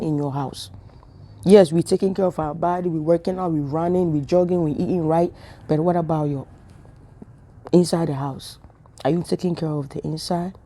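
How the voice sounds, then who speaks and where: A woman's voice: low voice, mellow. A woman giving a casual spiritual talk to camera, telling chatty stories with laughs and whispered asides. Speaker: spiritual vlogger.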